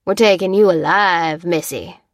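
A woman voicing a domineering male gang leader in a cowboy hat who yells orders. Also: lowish voice, measured pace, no room sound, studio quality. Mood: commanding. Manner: bellowing orders.

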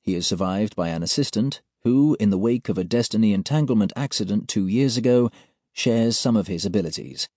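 A man reading an audiobook in a measured, formal manner, as if delivering an official report. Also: on the low side, expressive, dark tone, no room sound, studio quality. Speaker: audiobook narrator. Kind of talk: scripted audiobook narration.

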